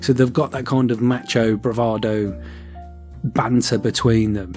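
A man co-hosting a podcast, chatting casually and rambling, with quick switches as he acts out lines from a story. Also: medium pitch, steady tone, a little mellow, soft background music. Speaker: podcast co-host. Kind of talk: casual chat.

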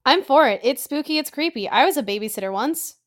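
A woman's voice: high-pitched, expressive, fast. A young adult woman co-hosting a podcast, reacting animatedly to a movie with jokes and frequent swearing. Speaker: podcast co-host. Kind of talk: casual movie discussion.

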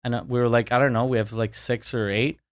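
A man's voice: mid-range voice, flat delivery, fast talker, no echo, studio quality. A man co-hosting a podcast, riffing crudely and joking in casual chat. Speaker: podcast co-host.

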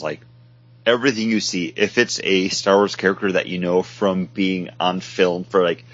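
A man's voice: sits low, fairly bright tone. A man co-hosting a podcast, talking casually and animatedly about comic books, sometimes acting out short quotes. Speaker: podcast co-host. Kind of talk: casual comic book discussion. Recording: dull lo-fi podcast audio.

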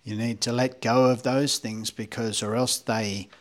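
A man's voice: mid-range voice, flat delivery, a little slow, natural voice. A man putting on a sarcastic, lecturing religious voice. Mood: mock preachy.

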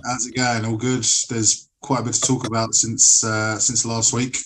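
A man's voice: medium pitch, little pitch movement, moderate pace, background noise. A man hosting a casual football podcast, rambling and swearing freely. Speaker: podcast host. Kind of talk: casual chat.

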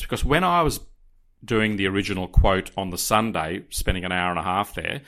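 A man, telling a dramatic personal story to podcast listeners in a casual, animated way. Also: low voice, a little fast.

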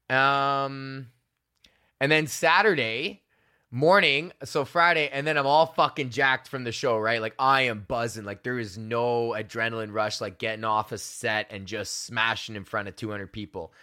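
A man's voice: medium pitch, fairly even intonation, moderate pace, sharp tone, clean tone. A young man hosting a podcast, telling casual stories in a loose, profane, filler-heavy way. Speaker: podcast host. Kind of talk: casual rambling monologue.

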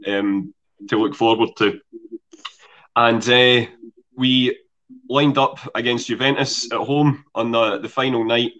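A man's voice: lowish voice, a bit bright, highs cut off. A man hosting a podcast, easygoing and recapping with frequent fillers. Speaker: podcast host. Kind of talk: casual chat.

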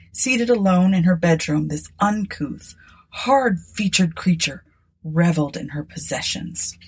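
A woman narrating a gothic storybook in an expressive, dramatic reading. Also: fairly low pitch, husky. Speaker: audiobook narrator.

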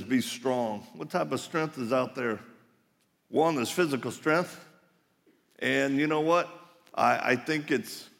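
A man preaching a live conference sermon, telling folksy stories with asides. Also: mid-range voice. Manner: folksy storytelling with laughs and asides. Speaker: conference speaker. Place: large hall, live audience. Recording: reverberant hall.

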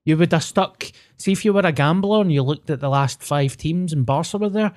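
A man's voice: a little high, a little fast. A young Scottish man in casual podcast chat, telling stories in a chatty, sweary way.

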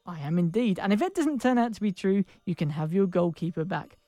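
A woman voicing a sly, funny-looking little old man who talks slowly and wheedles. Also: on the low side, lively intonation, dark tone, dry recording, faint music behind, close to an everyday voice. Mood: wheedling.

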